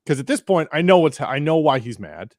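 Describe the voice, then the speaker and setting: A man's voice: a little high, very animated, brisk, no echo, studio quality. A man hosting a podcast, telling a rambling anecdote in casual chat, full of restarts and acted-out quotes. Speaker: podcast host.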